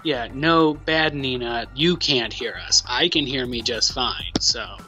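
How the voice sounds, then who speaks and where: A man's voice: mid-range voice, a little slow, bright, forceful tone, highs cut off, faint music behind. A man chatting casually on a live stream, swearing now and then and talking back to a co-host he can't hear. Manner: chatty, swears, laughs, talks to a co-host off mic.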